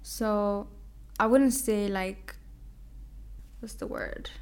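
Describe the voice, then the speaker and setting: A woman's voice: mid-range voice, extremely slow, darkish tone, smooth. A young woman hosting a podcast, telling a personal story in a casual, chatty way, with Arabic religious phrases mixed into her speech. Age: young adult. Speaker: podcast host. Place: home, a cat heard nearby.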